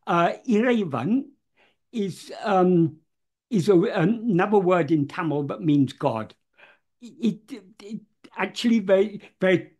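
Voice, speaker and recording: A man talks through the meaning of a devotional verse at an unhurried, slow pace. He is measured and careful, stopping often on hesitant fillers and restarting his phrases as he explains each word. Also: sits high, a little mellow. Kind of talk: unscripted explanatory talk.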